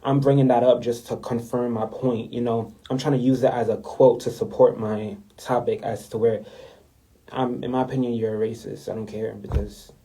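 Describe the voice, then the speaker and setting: A man's voice: mid-range voice, flat delivery, normal speed, dark tone, low-quality recording. A young man ranting in a story-time vlog, indignant and repetitive, talking straight to his viewers. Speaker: vlogger. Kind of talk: story time rant to camera.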